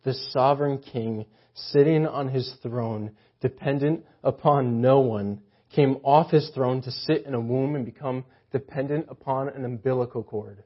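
A man preaching a casual sermon in a church, chatty and full of "like," shifting from hushed awe to loud emphasis. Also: medium pitch, measured pace. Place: church chapel. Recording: muffled lo-fi sermon audio.

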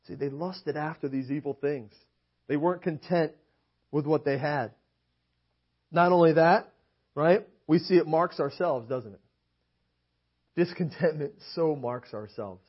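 In a church meeting hall, a young to middle-aged man preaches emphatically in a slightly high, breathy-edged voice, measured in pace with long pauses. He reads scripture aloud and keeps checking in with the congregation by asking "right?", captured on a dull lo-fi recording.

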